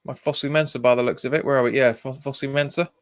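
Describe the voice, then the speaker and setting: A man's voice: mid-range voice, fairly even intonation, quick pace. A man, hosting a football watch-along stream, chatting casually, laughing often and reading out viewer comments. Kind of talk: casual live commentary and chat.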